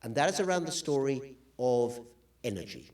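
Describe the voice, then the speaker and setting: A man lecturing to an audience from slides, with a dry, wry sense of humor and plenty of hesitant fillers. His voice sits at an ordinary middle pitch for a man. He sounds set back from the microphone. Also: lively intonation, moderate pace, darkish tone, far from the mic. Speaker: guest lecturer.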